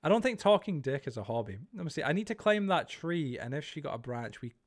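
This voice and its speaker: A man's voice: on the high side, very animated, fast talker. A young man streaming live, chatting casually, swearing freely and reacting to viewer chat he reads aloud.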